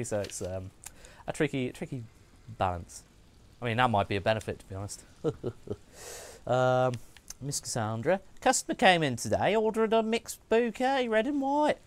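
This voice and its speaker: A man streaming a game, chatting and joking and muttering asides to himself as he plays. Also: mid-range voice. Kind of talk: casual gaming commentary.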